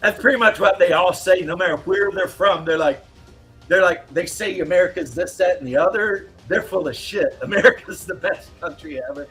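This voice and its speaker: A man's voice: sits high, normal speed, sharp tone. Profane casual-chatting man, faint music. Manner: loose, profane, laughs while telling stories. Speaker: stream host. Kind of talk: casual chat.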